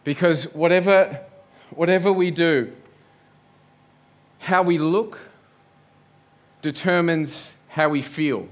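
A man's voice: a little high, takes it slowly, pauses often. A man preaching a sermon in a church, earnest, building up lists and rhetorical questions. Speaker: pastor.

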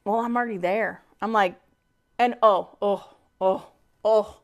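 Animated woman venting a story. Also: fairly high pitch, moderate pace. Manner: animated, acts out quoted dialogue, swears freely; exasperated venting. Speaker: podcast co-host. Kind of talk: casual storytelling chat.

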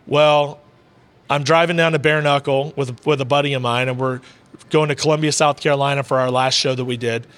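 A man's voice: medium pitch, steady tone, brisk, a bit bright. A man who announces combat sports, a podcast guest telling a heartfelt story in casual, rambling talk full of "you know" and "bro". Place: indoor VR arcade he owns.

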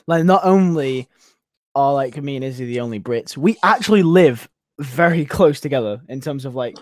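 A man's voice: mid-range voice, expressive, normal speed, no echo, clean studio sound. A young man with a Northern English accent, filling in as podcast host, talking in a laid-back, rambling, slangy way. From Northern England. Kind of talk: casual chat.

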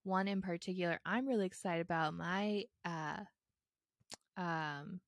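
Young woman musing in a low, dry voice. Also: unhurried, no room sound. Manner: reflective, lots of fillers, laughs easily. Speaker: podcast co-host. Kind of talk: casual chat.

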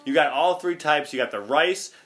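Male co-host, loose comic chatter, bright tone, light music bed. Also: on the high side, normal speed. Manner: joking, rambling, bright delivery. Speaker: podcast co-host. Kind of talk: casual chat.

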